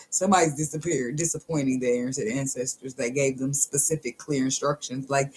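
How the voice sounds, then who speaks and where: A woman's voice: a bass voice, steady tone, fairly quick, hardly any pauses, husky. A woman giving a casual, channeled tarot reading. She is blunt and profane, talks with lots of energy and laughs often. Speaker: tarot reader.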